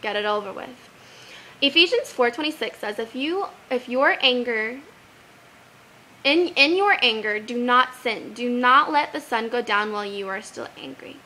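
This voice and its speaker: Bright high-voiced earnest young woman. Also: moderate pace, a little hiss or hum, poor audio. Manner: earnest, animated, quotes Bible verses. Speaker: vlogger giving advice. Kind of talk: casual advice vlog.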